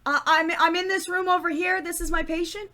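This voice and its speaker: A woman's voice: very high-pitched, fairly even intonation, brisk, pushed and bright, pitched above the performer's own voice. A woman voicing a dazed, chirpy young hospital worker with an Irish accent, gushing with thanks. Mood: eager. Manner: bubbly, effusive, breathless gratitude.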